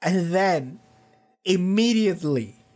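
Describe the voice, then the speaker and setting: Reaction streamer, male, higher-pitched, eager and chatty, casual and rambling. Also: animated, slow pace, a little mellow, faint music behind. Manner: enthusiastic, rambling, laughs often. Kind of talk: casual excited commentary.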